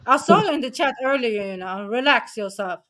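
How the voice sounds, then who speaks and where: A woman's voice: on the high side, expressive, a little fast, pushed and bright. A woman on a panel chatting casually and teasing the others. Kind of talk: casual chat.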